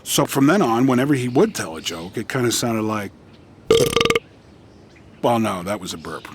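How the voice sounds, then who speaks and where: A wisecracking lab rat. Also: male voice, fairly low pitch, very animated, normal speed, background noise. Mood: deadpan. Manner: offhand, meandering, hesitant delivery. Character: wisecracking male lab rat, anti-smoking mascot. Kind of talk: rambling stand-up comedy bit.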